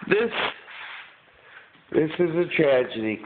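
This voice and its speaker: Man, home video, slow unhurried talk, coaxing and chatty, casual swearing, thin phone-like sound. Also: medium pitch, creaky, noisy background. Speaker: dog owner filming his pet. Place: at home indoors.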